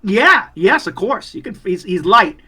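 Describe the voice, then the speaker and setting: A man's voice: high-pitched, sing-song, measured pace, bright, forceful tone, slightly rough. A young man narrating a horror tabletop game as game master, in a loose, profane, filler-heavy way.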